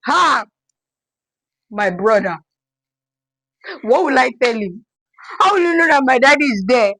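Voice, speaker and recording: A young woman with a Nigerian accent, telling a storytime vlog in an animated, dramatic way and acting out the scenes. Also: high-pitched, no echo, low-quality recording. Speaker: vlogger.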